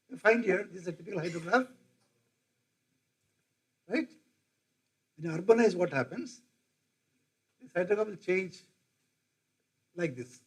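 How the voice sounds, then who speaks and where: A middle-aged man, a professor, lecturing in a halting way with many fillers and asides. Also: high-pitched, vocal fry, a little mellow, slightly rough, poor audio.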